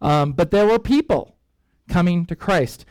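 Male pastor, high voice, storytelling sermon, chatty asides, dry recording. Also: measured pace, no echo, poor audio. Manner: lively storyteller, acts out characters' reactions; rambling with frequent fillers and asides. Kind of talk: sermon-style Bible teaching.

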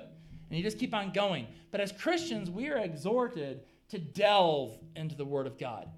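A man's voice: high voice, lively intonation, normal speed. A middle-aged man preaching a sermon, talking casually and building to emphatic peaks. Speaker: pastor.

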